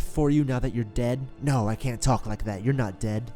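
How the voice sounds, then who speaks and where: A man's voice: medium pitch, normal speed, mellow, faint music behind. A man hosting a let's play, chatting casually through his gameplay in a playful, joking way that swings into mock melodrama.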